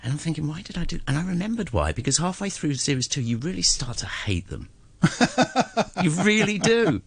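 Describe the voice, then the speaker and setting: A man's voice: a little high, very animated, fairly quick, creaky, husky, no room sound. A man hosting a radio show in a studio, chatting casually, joking and laughing often. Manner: jokey, laughs often, trails off mid-sentence. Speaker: radio host. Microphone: studio microphone.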